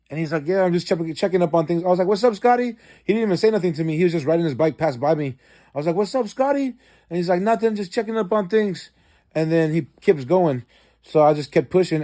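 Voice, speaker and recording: Rambling, profane man telling a dream. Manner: rambling, profane, many fillers and restarts; acts out quoted lines with sharp jumps in pitch. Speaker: vlogger recounting a dream. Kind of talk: casual rambling storytelling.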